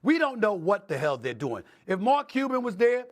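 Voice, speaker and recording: Emphatic high-pitched male sports host. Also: moderate pace. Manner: emphatic, animated, building lists for effect. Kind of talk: sports debate commentary.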